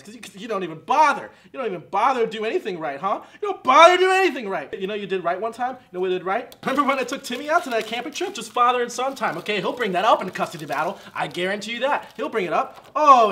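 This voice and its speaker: A man playing a fast-talking infomercial pitchman whose rambling salesman patter, full of "okay?", keeps sliding into bitter rants about his marriage. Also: pushed and bright. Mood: unhinged angry. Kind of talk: comedic infomercial parody.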